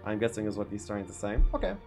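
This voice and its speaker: A man's voice: lowish voice, very animated, quick pace, gravelly, a little mellow. A man reading a game's story text aloud, stopping for asides and frequent "uh"s. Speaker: gaming YouTuber reading a map's story. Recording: faint music behind.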